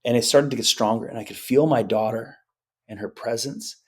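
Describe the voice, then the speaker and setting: A man's voice: mid-range voice, brisk, a little mellow, breathy edge. A man who is a guest on a podcast interview, telling personal stories in an earnest, emotional way and acting out the quotes. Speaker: guest, hypnotherapist. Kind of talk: conversational interview storytelling.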